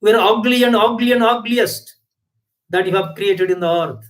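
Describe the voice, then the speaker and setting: A man's voice: sits high, moderate pace, pitched above the performer's own voice, close to an everyday voice, low-quality recording. A man voicing a group of ugly caterpillars who plead with God in indignant questions in a spoken parable.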